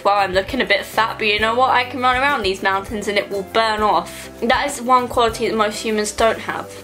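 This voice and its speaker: A woman's voice: medium pitch, fairly bright tone. A young woman vlogging to camera in a playful, rambling, self-mocking way. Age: young adult. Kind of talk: casual comedic vlog monologue.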